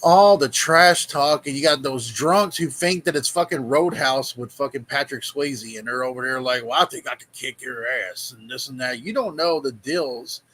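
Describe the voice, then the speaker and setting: Blunt husky man lecturing. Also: medium pitch, normal speed, hardly any pauses, fairly bright tone, poor audio. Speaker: vlog host reacting to a video. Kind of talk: casual commentary.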